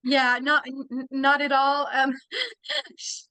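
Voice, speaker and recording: A woman, a bereaved mother, answering a medium on a video call in a halting, soft-spoken way. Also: sits high, big pitch swings, no room sound, low-quality recording. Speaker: bereaved parent, group member. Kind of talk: casual talk in a reading.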